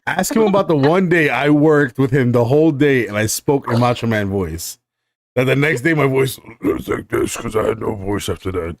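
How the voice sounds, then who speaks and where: A man hosting a talk show, chatting casually with friends, rambling, swearing freely and quick to laugh. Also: medium pitch, animated, no room sound, clean studio sound. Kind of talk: casual group chat.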